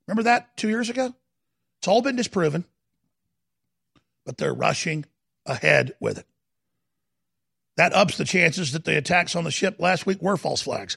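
A heated male talk show host speaking from a studio, his voice set somewhat high and deeply gravelly with a rough fry. He delivers political commentary in a dramatic, emphatic way, leaning hard on key words. The sound is close and dry, with no room echo. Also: expressive. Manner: emphatic, dramatic, swings from slow deliberate stresses to shouting. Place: broadcast studio.

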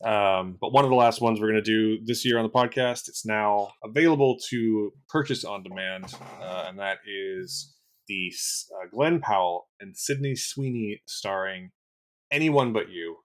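A man's voice: fairly low pitch, moderate pace. A man co-hosting a film podcast, talking in a dry, wry way and steering the conversation. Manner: dry, wry, leads the segments. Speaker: podcast co-host. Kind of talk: casual film review chat.

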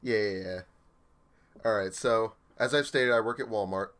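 A man's voice: fairly low pitch, normal speed, fairly bright tone. A young man in a casual chat, easygoing and wry, often laughing. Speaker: podcast co-host.

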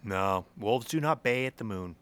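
A man's voice: on the low side, animated, normal speed, a bit bright, clean tone, no echo. A young man co-hosting a podcast in casual chat, joking, laughing often and stumbling over repeated words. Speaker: podcast co-host.

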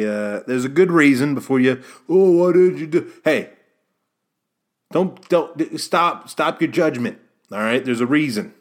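A man hosting a casual solo podcast, rambling and self-deprecating as he chats straight to the listener. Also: fairly low pitch. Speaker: podcast host.

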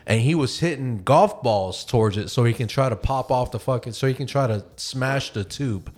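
A man hosting a podcast and telling a long, animated story, swearing freely and acting out the voices of the people in it. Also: mid-range voice, normal speed, soft background music. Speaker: podcast host. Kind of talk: casual storytelling.

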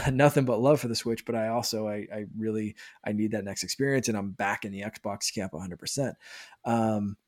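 Talking loosely on his casual gaming podcast, a male host rambles through the chat with plenty of fillers and false starts. His voice is on the low side, and the studio sound is clean with no echo.

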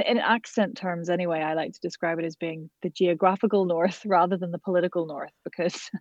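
A woman's voice: fairly low pitch, no room sound, dull audio. A woman from Northern Ireland with a Northern Irish accent, an accent coach answering interview questions in a chatty way, laughing often as she explains. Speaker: accent coach and voiceover artist.

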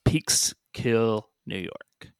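A man's voice: on the low side, drawn-out words, clean tone, no room sound, studio quality. A man co-hosting a podcast in casual chat, joking and laughing often. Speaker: podcast co-host.

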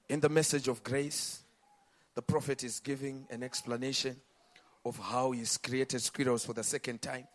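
A man preaching a sermon, moving from quiet talk to loud, shouted climaxes. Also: mid-range voice, fairly even intonation, moderate pace.

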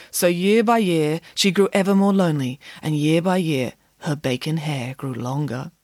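A woman's voice: low-pitched, moderate pace, hardly any pauses, a little mellow, dry recording, clean studio sound. A woman narrating a children's story in a playful, dramatic way. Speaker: audiobook narrator. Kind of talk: expressive scripted narration.

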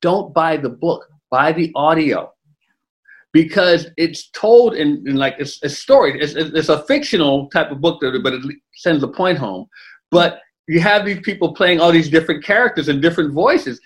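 A man's voice: on the high side, animated, normal speed. A man hosting a podcast interview, enthusiastic and often repeating words as he talks. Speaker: podcast host. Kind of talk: casual interview chat.

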